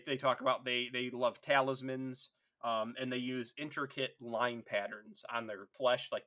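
Laughing man chatting on a podcast. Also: medium pitch. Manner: laughing, profane, animated. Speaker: podcast co-host. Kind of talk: casual chat.

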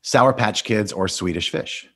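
A host interviewing a guest, upbeat and quick to laugh while asking rapid-fire questions. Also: male voice, lowish voice, gravelly, a bit bright.

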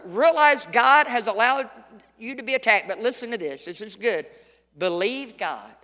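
A man's voice: very high-pitched, sharp tone, long reverb tail. A middle-aged male pastor preaching a sermon, telling folksy stories with sudden emphatic outbursts.

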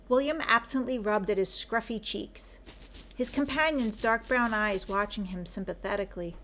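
A woman narrating a fan fiction story in an even, measured reading voice. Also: fairly high pitch.

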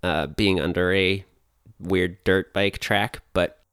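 A man's voice: low-pitched, steady tone, slow pace, fairly bright tone, smooth, no room sound, studio quality. A man running a tabletop role-playing game, narrating scenes in a playful, self-mocking way. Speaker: game master.

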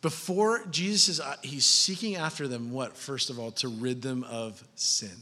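A man in his thirties preaching a sermon, animated, shifting from soft and low to loud and high. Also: normal speed. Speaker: pastor. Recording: long hall reverb.

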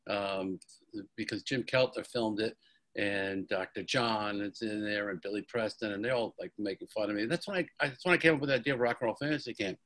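A man being interviewed as a guest, telling his story in a lively, excitable way and often repeating words as he goes. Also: fairly low pitch, fairly quick. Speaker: guest, company founder. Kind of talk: animated storytelling in a podcast interview.

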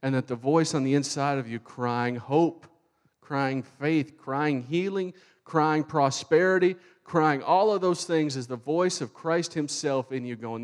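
A man preaching a sermon with animated, fervent delivery. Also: fairly high pitch, measured pace. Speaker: pastor.

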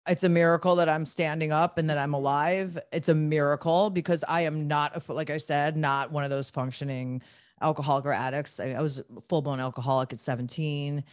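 A man's voice: a little high, steady tone, brisk, smooth, dry recording, clean studio sound. A man hosting a podcast, talking bluntly and candidly about his recovery, with frequent restarts and swearing. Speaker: podcast host.

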